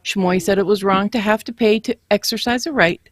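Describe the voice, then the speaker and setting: A woman co-hosting a podcast, reading news items in a steady read-aloud way. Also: medium pitch, a little fast, dry recording. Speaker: podcast co-host.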